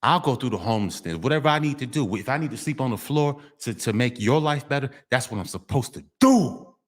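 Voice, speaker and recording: A man's voice: mid-range voice, expressive, a little fast. A middle-aged man, delivering a street monologue vlog, preachy and repetitive, often breaking into sing-song refrains. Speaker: vlogger.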